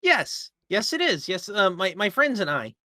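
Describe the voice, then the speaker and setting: A man's voice: high-pitched, very animated, moderate pace, pushed and bright, no echo, studio quality, voice pushed up, exaggerated voice. Gorbert, a man playing a flustered innkeeper. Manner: flustered, stammering. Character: awkward, polite male tavern owner. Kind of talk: tabletop role-play.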